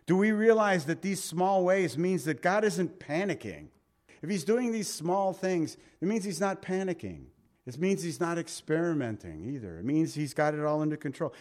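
A man preaching a sermon, swinging between loud emphatic lines and hushed soft ones. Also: fairly high pitch. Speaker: pastor.

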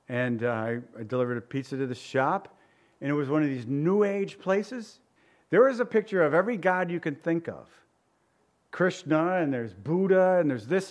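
A middle-aged pastor preaching a sermon in a conversational way, mixing humorous personal stories with scripture. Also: male voice, a little high.

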